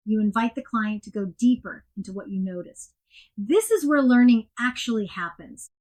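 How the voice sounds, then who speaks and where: A woman giving a scripted coaching lesson in a clear, measured and emphatic way. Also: a little high, animated, darkish tone. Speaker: coaching instructor. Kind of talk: scripted instructional narration.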